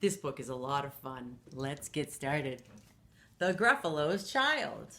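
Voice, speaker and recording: A woman teacher reading a picture book aloud to children, animated and asking them questions along the way. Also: rumbling low, slow, a little hiss or hum.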